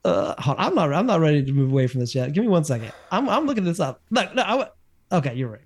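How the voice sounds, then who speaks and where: A podcast co-host chats casually, his fairly high, sing-song voice moving fast. He rambles, keeps correcting himself, and chuckles along the way.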